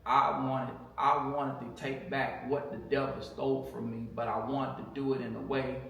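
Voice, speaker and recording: A middle-aged man telling his marriage testimony in casual chat, full of fillers and repeats, getting loud when he quotes himself. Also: mid-range voice, normal speed, gravelly. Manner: animated storytelling, many fillers and repeats, bursts louder when quoting himself. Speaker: guest sharing marriage testimony. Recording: echoey room, mic at a distance.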